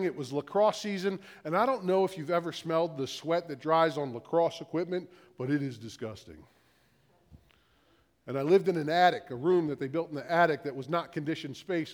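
A middle-aged male pastor preaching a sermon, repeating questions in a slow, building list and dropping low and quiet when he quotes scripture. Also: big-room sound.

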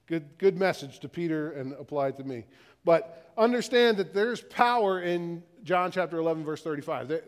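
Speaking in a large hall, this middle-aged pastor delivers a sermon, asking question after question in a gradually building sequence. When scripture comes up, he lowers his voice to a soft, quiet register.

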